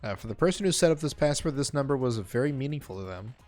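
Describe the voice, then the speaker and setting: A man's voice: mid-range voice, animated, fast, darkish tone. A male streamer with a mid-range voice reads game text aloud and drifts into loose, filler-heavy commentary. Faint game music plays under him. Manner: casual, rambling, many fillers.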